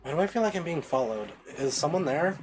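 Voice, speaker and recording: A man's voice: on the high side, expressive, fast talker, noisy background, close to an everyday voice. A man voicing an anxious young woman paladin on a game stream, reading her lines with a flustered, pleading manner. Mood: nervous. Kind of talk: reading game dialogue aloud. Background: game soundtrack music.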